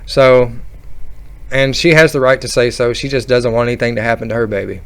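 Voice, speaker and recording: A man telling a funny roller coaster story in a casual, rambling, animated way. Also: mid-range voice, fairly quick, clear, resonant tone. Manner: rambling, animated, laughing at his own story. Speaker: vlogger.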